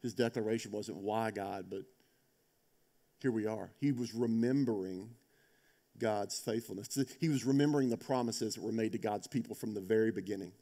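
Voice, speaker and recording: A male pastor preaching a sermon in a conversational storytelling way, rising to loud emphasis and dropping to quiet, intense moments, often checking in with "right?". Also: on the low side, moderate pace.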